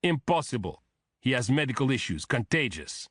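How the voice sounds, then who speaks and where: A man voicing a gruff, burly male Russian bodyguard, speaking with a thick Russian accent in curt, barking lines. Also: medium pitch, sing-song, normal speed, fairly bright tone, no echo, studio quality. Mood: hostile.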